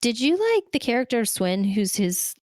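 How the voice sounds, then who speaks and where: A woman's voice: on the high side, animated, moderate pace, darkish tone, no echo, clean studio sound. A woman co-hosting a podcast, chatting casually about a movie with lots of fillers. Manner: chatty, rambling with many fillers. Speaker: podcast co-host. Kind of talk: casual movie review chat.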